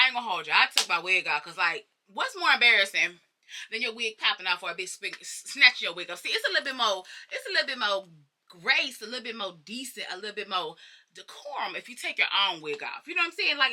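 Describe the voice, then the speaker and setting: Animated, bright-voiced woman telling a story. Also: mid-range voice. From Arkansas. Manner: animated, profane, swings from loud outbursts to hushed asides. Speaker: storyteller vlogger. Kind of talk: casual storytime monologue.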